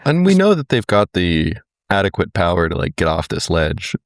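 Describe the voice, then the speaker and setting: A man's voice: low voice, very animated, moderate pace, no echo. A man co-hosting a comedy show, adding dry, wry quips about a cartoon. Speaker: co-host. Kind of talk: comedic banter.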